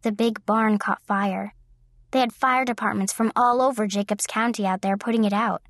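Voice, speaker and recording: A woman's voice: medium pitch, steady tone, normal speed, no room sound, clean studio sound, lightly acted. A woman reading the lines of a sweet-natured, teasing widowed mother in middle age. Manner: gentle, teasing.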